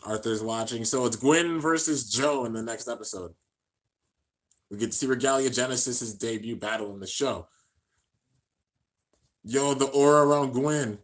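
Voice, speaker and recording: A man of ordinary pitch reacts to an anime with casual, slangy commentary. He talks the action through at a steady clip and bursts into loud, excited shouts when the battle peaks. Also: normal speed, long pauses. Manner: hyped, shouts at big moments, slangy.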